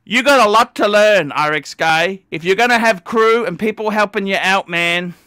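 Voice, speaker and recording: High, sharp-voiced ranting man. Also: moderate pace, smooth, no echo, studio quality. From Australia. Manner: profane, ranting, shouts in bursts. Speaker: livestream host. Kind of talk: live stream chat with callers.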